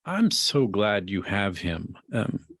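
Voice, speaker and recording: A man hosting a podcast interview, speaking in a gentle, supportive and measured way. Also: lowish voice, very animated, no room sound. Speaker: podcast host. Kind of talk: interview conversation.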